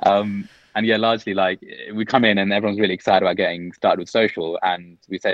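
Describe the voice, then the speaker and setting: A man, a business-owner guest on a podcast, telling stories in a quick, chatty way full of "like" fillers, recorded over a call from his office. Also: on the low side, level tone, no room sound, muffled recording. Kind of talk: casual podcast conversation.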